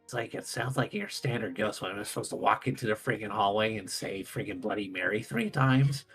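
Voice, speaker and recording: A man's voice: lowish voice, brisk, a bit bright. A man playing a tabletop game, talking in a joking, laid-back way. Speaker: player. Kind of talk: casual chat.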